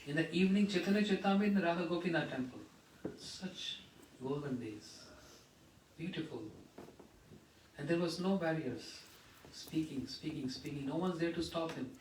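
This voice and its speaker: A man's voice: fairly high pitch, slight background noise. Earnest man telling devotional stories. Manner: earnest storytelling, quotes his teacher, drops to a hushed voice. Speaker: speaker at a memorial gathering. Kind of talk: devotional talk with remembrance stories. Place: temple hall. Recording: echoey room, voice from far off the mic.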